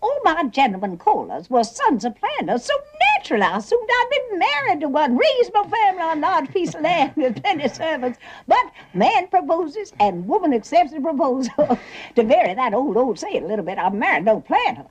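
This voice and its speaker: With a high, sing-song voice at a fairly quick clip, an actress acts out a stage drama role as a faded, chattering Southern belle mother in middle age. She speaks in an American Southern accent, gushing and theatrical, with breathy laughs.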